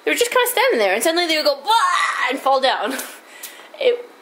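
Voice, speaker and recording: A woman recapping a tabletop game session in character, halting and amused, with lots of fillers. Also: high-pitched, big pitch swings, a bit bright, a little hiss or hum, poor audio.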